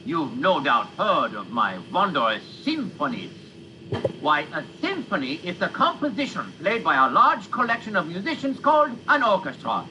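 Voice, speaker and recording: An actor playing a temperamental, proud male composer who is going deaf, in a put-on German accent and with theatrical, booming declarations. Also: moderate pace, dull audio, exaggerated voice. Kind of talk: video game character acting. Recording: game audio with steady background noise.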